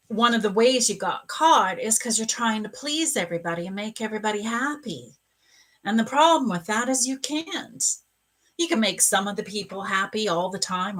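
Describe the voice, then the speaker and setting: A woman psychic medium giving a live-stream card reading, gushing and emotional as she talks to a viewer. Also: mid-range voice. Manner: gushing, emotional, warm-hearted talk.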